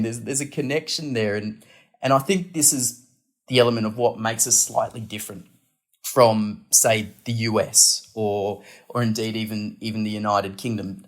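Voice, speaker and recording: An Australian man being interviewed as a podcast guest, giving thoughtful, rambling answers with many fillers and restarts. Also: fairly low pitch.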